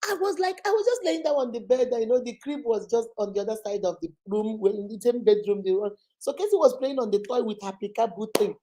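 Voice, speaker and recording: Animated woman with a high voice. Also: fast talker, hardly any pauses. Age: middle-aged. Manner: animated, exclaiming, laughing often. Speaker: host. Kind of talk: casual storytelling chat.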